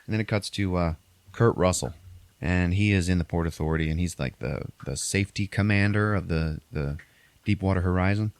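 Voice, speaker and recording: A man hosting a podcast, casually retelling a movie plot in a rambling, profane way and briefly acting out characters in exaggerated high voices. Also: brisk, dry recording. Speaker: podcast host recapping a movie. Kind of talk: casual chat.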